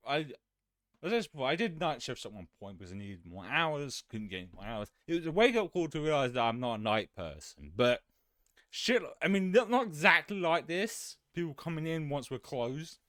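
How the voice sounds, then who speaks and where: A man chatting casually on a live stream, rambling and swearing, growing animated when he rants. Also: on the high side, moderate pace, no room sound, clean studio sound.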